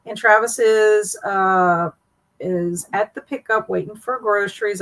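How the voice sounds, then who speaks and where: A woman's voice: mid-range voice, measured pace, a bit bright, rough recording. A middle-aged woman with a Southern US accent, chatting casually and greeting viewers by name on a live stream. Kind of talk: casual live stream chat, reading chat comments aloud.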